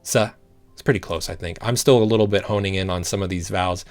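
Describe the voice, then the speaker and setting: A man teaching a language-learning method, patient and encouraging, slowly repeating sounds to show how it works. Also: deep voice, soft background music. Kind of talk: explaining a study method.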